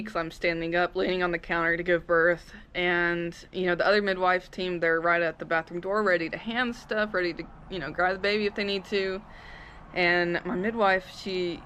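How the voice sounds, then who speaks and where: A young woman casually telling her birth story as a vlogger, animated and acting out her own yells and quotes. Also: lowish voice, a little hiss or hum.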